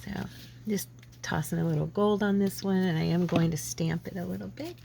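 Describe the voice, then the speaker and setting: A woman's voice: fairly low pitch, steady tone, normal speed, creaky, warm tone, a little hiss or hum. A woman with a lingering head cold, chatting casually and rambling as she works on a craft project. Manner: chatty, rambling, self-deprecating. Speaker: craft channel host.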